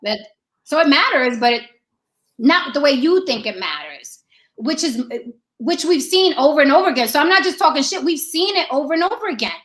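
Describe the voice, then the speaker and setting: A woman's voice: high voice, animated, fairly quick, a bit bright. A woman hosting a discussion show, talking in an emphatic, profane way and repeating rhetorical questions to drive her point home. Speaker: podcast host. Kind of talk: opinionated discussion.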